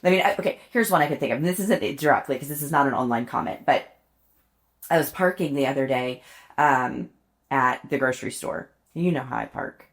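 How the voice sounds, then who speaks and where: A woman's voice: extremely low pitch, brisk. A woman co-hosting a podcast, telling stories in casual chat, laughing often and poking fun at herself. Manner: chatty, laughs often, self-deprecating storytelling. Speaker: podcast co-host.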